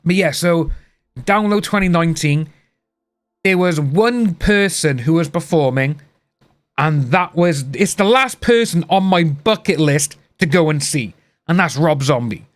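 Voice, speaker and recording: A man's voice: a little high, expressive, a little slow, no echo. A man hosting a casual live stream, telling a long personal story with many side remarks. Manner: rambling personal storytelling with asides.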